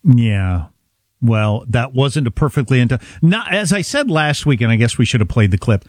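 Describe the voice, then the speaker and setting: A man's voice: mid-range voice, animated, moderate pace, no echo, clean studio sound. A man hosting a political talk show, mocking and opinionated in casual banter.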